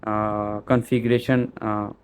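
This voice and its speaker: There's a little hiss or hum as this man, unhurried and flat, with a voice on the low side, explains a camera setup step by step. He's a tech tutorial presenter in a small store, and his walkthrough is halting, packed with fillers and restarts.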